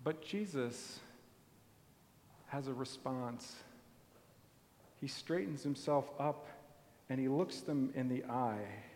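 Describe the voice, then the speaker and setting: A man preaching a sermon in a church, telling the story softly and deliberately. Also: medium pitch, slight background noise. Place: church sanctuary. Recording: long hall reverb.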